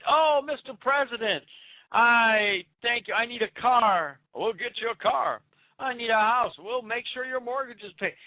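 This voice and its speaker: An American talk radio host with a voice that sits high delivers a fired-up, preachy political monologue packed with rhetorical questions. There's no room sound, but the audio is tinny and phone-like.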